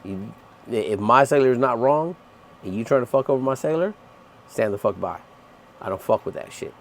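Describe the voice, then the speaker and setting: A man's voice: mid-range voice, animated, brisk. A man who is a Navy chief, ranting in a heated, profane vlog about his sailors. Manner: angry, profane, emphatic. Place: aboard a ship at sea.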